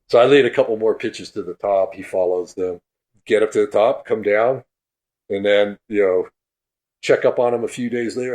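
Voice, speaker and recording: A man with a slightly low voice tells a story with gusto as a podcast guest. He laughs often and acts out the voices of the people in it. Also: normal speed, a little mellow. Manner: laughs through his stories; acts out quoted speech. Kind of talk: animated storytelling.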